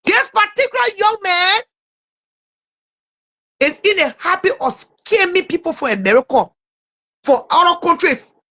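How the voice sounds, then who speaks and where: A woman hosting a casual livestream, talking straight to her audience in an animated way and tripping over names. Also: very high-pitched, a little slow, long pauses. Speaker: livestream host.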